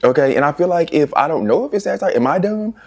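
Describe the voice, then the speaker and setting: A young man reviewing books in a casual vlog, animated and exasperated, swearing freely as he rants. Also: a little high, fast. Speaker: book reviewer.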